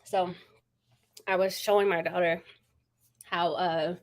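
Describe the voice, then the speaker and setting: A woman's voice: on the low side, little pitch movement, slow pace. A woman hosting a casual book livestream, chatting to viewers, greeting them by name and laughing often. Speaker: book channel host.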